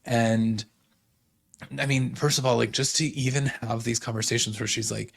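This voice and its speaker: A man's voice: mid-range voice, steady tone, creaky. A young man hosting a casual recap, gossiping about reality TV and paraphrasing what others said, with lots of "like" and "you know". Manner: gossipy, quotes others in quick paraphrase, many fillers. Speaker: podcast host recapping reality TV.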